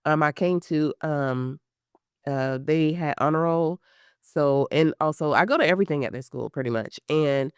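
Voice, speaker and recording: Woman in her thirties, smooth clear voice, lively storyteller who acts out quotes, dry close mic. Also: deep voice, no room sound. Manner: animated storytelling, acts out quotes, many fillers. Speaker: guest, pre-surgery patient. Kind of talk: emotional personal interview.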